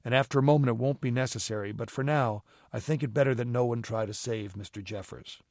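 An unflappable gentleman sleuth, read by a man, speaking in a measured, crisp and coolly ironic way. The voice sits at an ordinary male pitch. The recording is dry and close, with no room sound. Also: no room sound, natural voice. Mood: cool, commanding. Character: calm, cutting gentleman detective, cool and commanding. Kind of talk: audiobook character reading.

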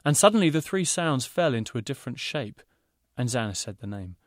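A man, an author reading his own children's novel aloud in steady storytelling narration. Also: medium pitch, brisk, no room sound, clean studio sound.

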